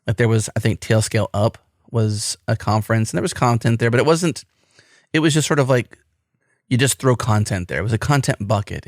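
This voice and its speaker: A middle-aged American man with a lowish voice hosts a casual podcast, rambling enthusiastically and restarting his sentences often. The audio is studio quality with no echo.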